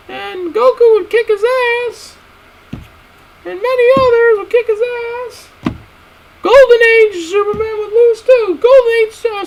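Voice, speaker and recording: A man putting on a shrill, squeaky voice for a comedic stream rant, repeating himself breathlessly. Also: a little hiss or hum, heavily acted, poor audio.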